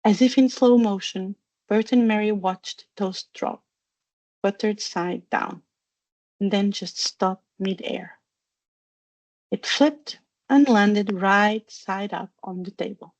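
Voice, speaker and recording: A woman narrating a storybook reading, even and unhurried. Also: medium pitch, no room sound. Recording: dull, dry narration recording.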